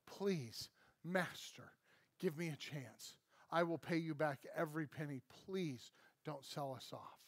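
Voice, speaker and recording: Guy doing a broke worker begging the king, then bossing his buddy, high voice. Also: moderate pace, few pauses, dry recording, studio quality, lightly acted. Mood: pleading. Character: poor male day worker, begging then bullying.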